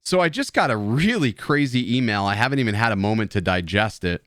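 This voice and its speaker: A man chats loosely on a live stream with a beer in hand, rambling, joking and swearing at his viewers. His voice sits a little low, and the sound is close and dry, with no room around it. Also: lively intonation, fairly quick, fairly bright tone, no room sound. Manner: rambling, joking, profane banter with chat; drinking beer while talking. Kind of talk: casual live stream chat.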